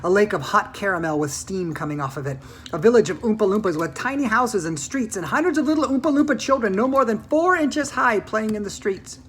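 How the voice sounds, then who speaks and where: A woman reading a children's book aloud in an animated, expressive way. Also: medium pitch, a little fast, a little hiss or hum. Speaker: storyteller.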